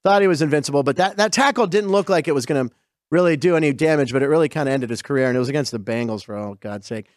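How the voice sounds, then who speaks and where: Chatty excitable sports host, dry close sound. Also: male voice, on the high side, racing, dry recording. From western Pennsylvania. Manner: chatty, digressive, excited storytelling. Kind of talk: casual sports chat over game clips.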